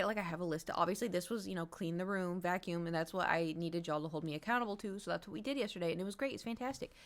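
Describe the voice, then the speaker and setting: A woman streamer chatting casually to her viewers, ranting and swearing freely. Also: lowish voice. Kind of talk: casual live-stream chat.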